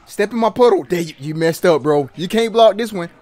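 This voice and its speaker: A man giving excited, trash-talking commentary while playing a fighting game, yelping and laughing often. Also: sits high, a little fast. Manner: animated, yelps and laughs, trash-talks the opponent. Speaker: gaming channel host.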